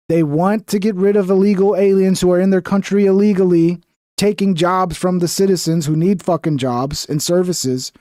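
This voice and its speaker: A man's voice: high-pitched, mellow, no echo, clean studio sound. A young man giving heated, profane commentary while reacting to news clips. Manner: heated, profane, exasperated ranting.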